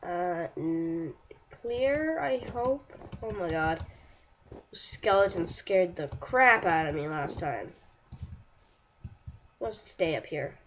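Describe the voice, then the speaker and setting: A young woman chatting through her own gameplay, excitable and self-mocking, yelping and shouting at enemies between slow, rambling remarks. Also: lowish voice, slight background noise. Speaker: gameplay streamer. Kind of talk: casual live commentary while playing a game.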